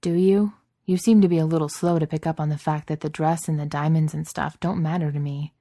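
A woman voicing a sharp-tongued, defensive genius heroine who quips and pushes back, in a low, dark voice. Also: steady tone, brisk, no room sound, studio quality. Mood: cool. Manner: quippy and defensive, rising when upset.

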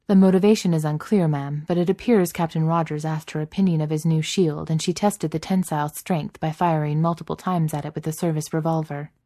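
A woman voicing a polite, formal male AI house assistant that reports in a dutiful way, in a low voice. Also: fairly even intonation, brisk, few pauses, mellow, no room sound, clean studio sound, natural voice.

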